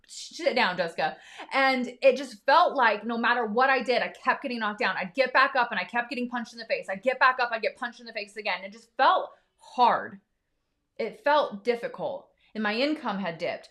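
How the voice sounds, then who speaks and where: A young adult woman speaks on a live stream with a slightly high voice. Her talk is raw and emotional, blunt and peppered with swearing, like a business coach baring the hard parts. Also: bright, forceful tone. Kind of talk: candid live stream monologue.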